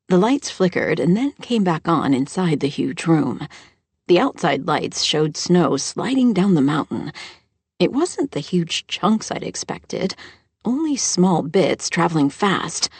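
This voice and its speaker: Woman, audiobook narration, low voice, gravelly, dry close mic. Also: very animated, unhurried, darkish tone, no room sound. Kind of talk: first-person audiobook narration.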